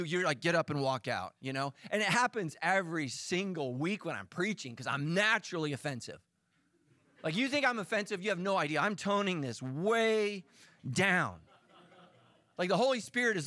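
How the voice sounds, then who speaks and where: A middle-aged man, a lead pastor, preaching a sermon in a joking, animated, self-mocking way. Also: fairly high pitch, dry recording. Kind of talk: sermon with storytelling.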